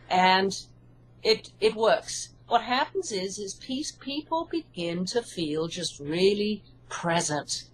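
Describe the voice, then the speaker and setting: A woman's voice: lowish voice, slight background noise, low-quality recording. A woman with an English accent, a hypnotherapist answering interview questions in an earnest, reassuring way. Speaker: hypnotherapist and author.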